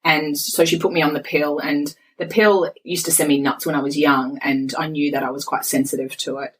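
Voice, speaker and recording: A woman in her forties, a podcast guest speaking frankly and telling stories in an animated way. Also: sits low, fairly quick, slight background noise, poor audio. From Australia. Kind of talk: candid podcast conversation.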